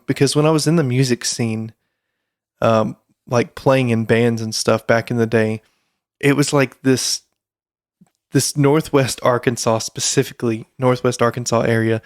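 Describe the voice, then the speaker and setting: Man, podcast co-host, rambling casual talk, mid pitch, dry close mic. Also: clean tone, no room sound. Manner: chatty, rambling with fillers and restarts.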